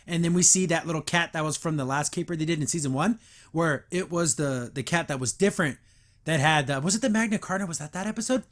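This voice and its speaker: A man hosting a podcast, reviewing a cartoon episode in an animated, chatty way, often laughing and restarting. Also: fairly high pitch, fast talker. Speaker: podcast host.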